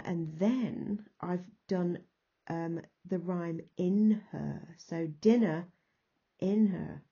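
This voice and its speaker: A woman's voice: fairly low pitch, a little mellow, husky, muffled recording. A woman with an English accent, teaching a recorded lesson and patiently talking through examples step by step.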